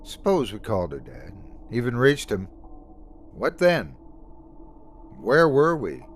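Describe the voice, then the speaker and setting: A man's voice: mid-range voice, huge pitch swings, slow pace, a little hiss or hum. A man reading a horror story as the host of a storytelling channel, in a tense, suspenseful way. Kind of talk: scripted horror narration.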